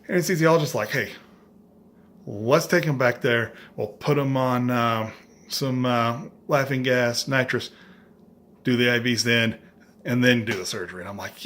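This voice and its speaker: A man's voice: medium pitch, a little fast. Man telling a story with dry humor. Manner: animated, acts out others' lines; dry, self-mocking humor. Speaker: vlogger. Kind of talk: casual storytelling.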